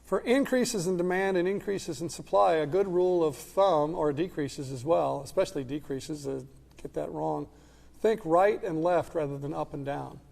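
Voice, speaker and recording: Gravelly-voiced man lecturing in a hall. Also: on the high side, moderate pace, a little mellow. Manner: conversational, checks in with the class. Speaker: economics instructor. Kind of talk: classroom lecture.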